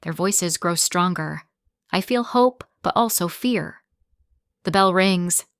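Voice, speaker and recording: A woman narrating a simple graded-reader story in short, clear, deliberate sentences. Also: fairly low pitch, dry recording, studio quality.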